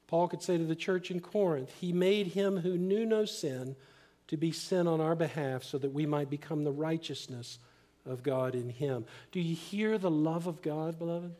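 A middle-aged man preaching a sermon as pastor, earnest and emphatic, often dropping to a hushed, slow delivery. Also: on the high side.

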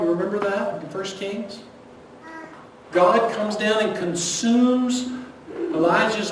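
A man, a pastor preaching a sermon in a church, swinging between loud emphasis and hushed near-whispers. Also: high-pitched. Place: church sanctuary. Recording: echoey hall, distant mic, faint noise.

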